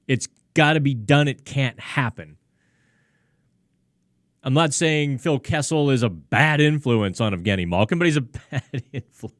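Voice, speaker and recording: A man's voice: mid-range voice, dry recording. A male sports host talks through viewer questions on a live hockey stream. His voice sits in the middle range and the studio sound is dry and close. He speaks in loose, conversational runs, full of restarts and asides. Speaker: sports talk show host.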